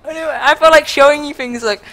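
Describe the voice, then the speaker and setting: A woman's voice: high voice, fast, a bit bright, rough recording. A young Australian woman live-streaming, laughing a lot, overwhelmed and swearing freely while she chats. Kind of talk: casual live-stream chat.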